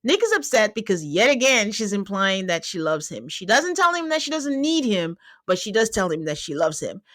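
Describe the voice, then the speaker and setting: A woman's voice: medium pitch, very animated, moderate pace, a bit bright, no echo, clean studio sound. A woman hosting a podcast, recapping a reality show in casual chat, laughing often and acting out quotes. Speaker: podcast host.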